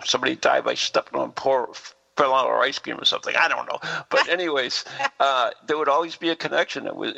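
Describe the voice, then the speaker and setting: A man's voice: mid-range voice, gravelly, pushed and bright, dull audio. A man hosting a podcast, chatting casually and rambling with asides. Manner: rambling, full of fillers and asides. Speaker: podcast host. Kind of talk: casual chat.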